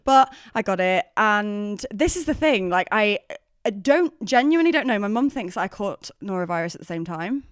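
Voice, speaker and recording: A woman's voice: medium pitch, lively intonation, moderate pace, clean tone, no echo, studio quality. A woman co-hosting a podcast in casual, self-deprecating chat, often giggling. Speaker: podcast co-host.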